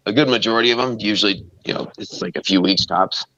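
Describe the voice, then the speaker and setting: A man's voice: fairly low pitch, fast talker, bright, forceful tone, no room sound, dull audio. A man chatting on a podcast, rambling, with many fillers and "you know"s. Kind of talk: casual podcast chat.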